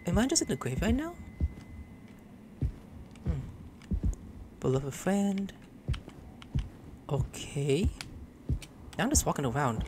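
A man playing a horror game and commenting, excitable, swearing and yelling at the screen. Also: a little high, slow pace, pauses often, background noise. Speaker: gamer. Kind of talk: let's play commentary. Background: game music.

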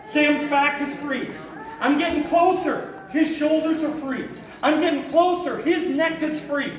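A man giving a live talk as a raptor handler to an audience, an animated storyteller who acts out the voices and shouts in his story. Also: very high-pitched. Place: hotel event room with an audience. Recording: echoey hall, far from the mic, crowd audible.

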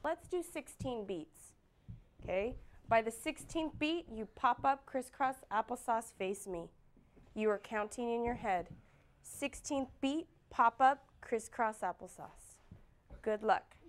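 A woman's voice: fairly high pitch, lively intonation, takes it slowly. Encouraging woman teaching a dance class. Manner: encouraging, counts beats aloud, swings between loud praise and hushed counting.

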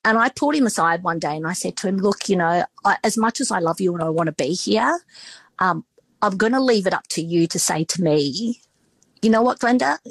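A woman's voice: lowish voice, expressive, a little fast, dry recording. A woman, a restaurant owner telling stories in a casual podcast interview, chatty and full of fillers. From Australia. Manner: chatty, emotional storytelling with many fillers.

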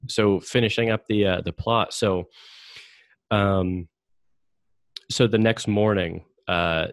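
A man's voice: sits low, no room sound. A man hosting a podcast, talking in a casual, hesitant way with lots of fillers and restarts. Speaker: podcast host. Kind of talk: casual conversational discussion.

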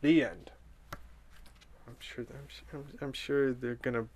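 A man's voice: medium pitch, fairly even intonation, unhurried, darkish tone. A man reading a children's storybook aloud for comedy, with sarcastic, playful asides.

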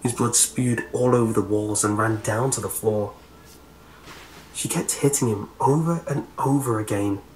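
A man narrating a scripted horror story in a slow, measured way. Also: lowish voice, darkish tone. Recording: roomy echo, faint hiss.

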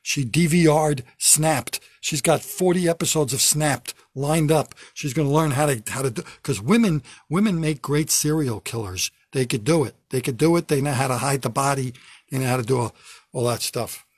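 A man's voice: mid-range voice, normal speed, breathy edge, no room sound, clean studio sound. An older man, a comedian, delivering a kvetching, self-mocking comedy rant from his basement at home. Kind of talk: stand-up comedy monologue.

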